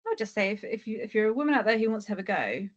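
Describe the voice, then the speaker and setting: A woman's voice: mid-range voice, sing-song, racing. Woman, guest, casual chat, storyteller, slightly muffled lo-fi audio. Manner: chatty storyteller, tells anecdotes. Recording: slightly dull lo-fi sound.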